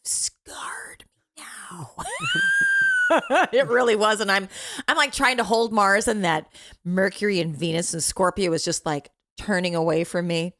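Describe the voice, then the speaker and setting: A middle-aged woman chatting casually on a podcast as a mother, animated, laughing often and swearing freely. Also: medium pitch, moderate pace. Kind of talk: casual chat.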